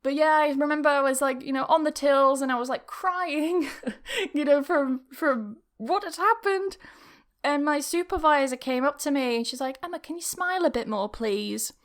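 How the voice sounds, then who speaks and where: A woman's voice: sits high, normal speed. A young woman hosting a podcast, telling personal stories in a rambling, casual, confessional way, laughing often. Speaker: podcast host. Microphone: camera recording.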